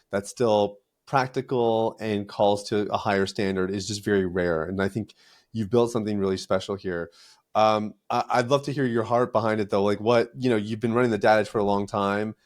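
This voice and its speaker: Man, podcast host, lowish voice, casual interviewer, laughs along.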